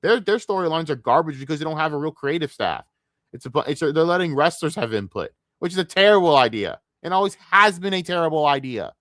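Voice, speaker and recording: A young man rants on a livestream, fed up, cursing freely and tripping over his own restarts. His voice sits at an ordinary middle pitch. It is recorded dry and close, with no room sound around it. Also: fairly bright tone, dry recording. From United States. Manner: frustrated, profane, repetitive stammering restarts. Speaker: streamer. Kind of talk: casual ranting livestream.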